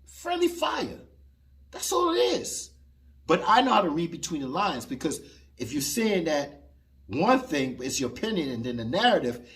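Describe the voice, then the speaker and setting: Male vlogger, opinionated boxing commentary, expressive up-and-down delivery, emphatic. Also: on the high side. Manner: animated, emphatic, argues with an imagined listener.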